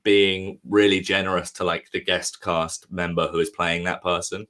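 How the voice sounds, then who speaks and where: A comedian chatting casually on a stream, rambling with lots of fillers. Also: male voice, sits low, flat delivery, moderate pace, fairly bright tone. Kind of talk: casual chat.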